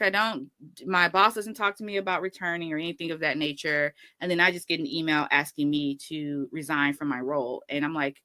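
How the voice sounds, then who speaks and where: A woman's voice: on the low side, steady tone, a little fast, pushed and bright, no room sound. A woman teacher telling her story in a casual interview, rambling and often correcting herself. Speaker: teacher and guest.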